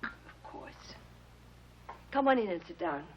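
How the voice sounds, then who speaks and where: A soft, gravelly comforter. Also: female voice, medium pitch, very animated, moderate pace, a little hiss or hum. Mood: soothing. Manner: soft, reassuring. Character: gentle, soothing caretaker woman. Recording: dull old TV soundtrack.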